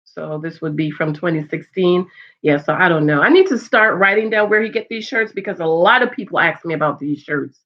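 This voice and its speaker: A woman with a lowish voice talks a little fast as she recaps a TV episode, speaking straight to her viewers with exclamations and asides. The recording is dull and lo-fi.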